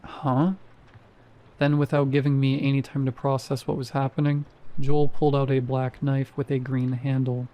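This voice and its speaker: A man's voice: mid-range voice, completely flat delivery, moderate pace, muffled recording. Man narrating horror with wry asides. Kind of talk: scripted first-person horror narration.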